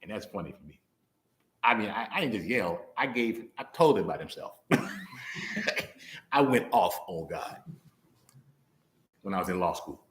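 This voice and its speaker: A young man giving a conversational sermon, playful and animated, laughing often and acting out quick voices. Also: on the low side. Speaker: preacher. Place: church hall. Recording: roomy echo.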